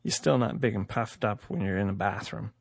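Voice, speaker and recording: A man voicing a pompous male government official who serves fines, with a slow, patronizing drawl in a comedy sketch. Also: on the low side, vocal fry, breathy edge, no room sound, studio quality, voice pushed down. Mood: indignant.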